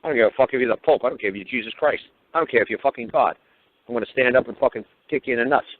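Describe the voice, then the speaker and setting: A man's voice: mid-range voice, very fast, no room sound. A blunt man telling a profane story, swearing heavily and acting out both sides of an argument, heard over a phone-like line. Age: older. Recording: tinny phone-line audio.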